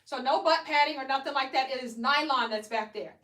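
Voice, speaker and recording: High-voiced chatty woman hosting a livestream. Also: brisk, a bit bright. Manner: chatty, coaxing, keeps checking in with the viewers. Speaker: host selling shapewear on a livestream. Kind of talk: live product demonstration. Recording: roomy echo, far from the mic.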